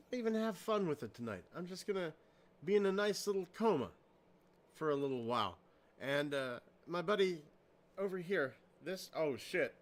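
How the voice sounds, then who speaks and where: A man's voice: high voice, bright, forceful tone. A man hosting a casual podcast at his home computer, cracking crude jokes and poking fun at himself. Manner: crude, joking, self-deprecating. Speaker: podcast host.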